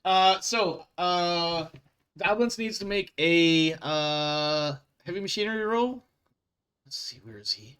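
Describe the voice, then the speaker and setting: A man's voice: sits high, lively intonation, takes it slowly, bright, forceful tone, smooth. Casual male game master narrating. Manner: casual, laughing asides and self-corrections.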